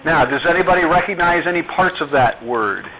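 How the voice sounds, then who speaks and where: In a tinny classroom recording resembling a phone, a man with a fairly high, lively voice leads a chemistry lecture. He moves slowly and deliberately, quizzing students along the way over background noise.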